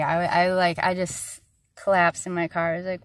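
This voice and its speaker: A woman's voice: on the low side, flat delivery, fairly quick, dry recording, studio quality. A woman venting in a personal vlog, rambling and frustrated, with many fillers and a tired voice. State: tired, struggling to find words. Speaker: vlogger.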